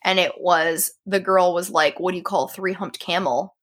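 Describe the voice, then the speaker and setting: Woman co-host, bright tone, giggly, animated storyteller. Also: fairly low pitch, moderate pace. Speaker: podcast co-host. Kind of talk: casual chat.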